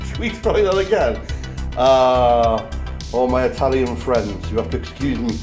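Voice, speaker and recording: A man's voice: mid-range voice, measured pace, music in the background. A man hosting a cooking show, talking the viewer through a recipe in a jokey, self-mocking way. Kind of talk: cooking demonstration.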